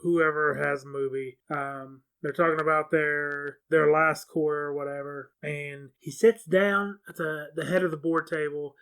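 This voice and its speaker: A man's voice: on the high side, flat delivery, a little slow, vocal fry, few pauses, a bit bright, smooth. A man co-hosting a podcast, rambling casually through a film recap and swearing freely. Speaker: podcast co-host.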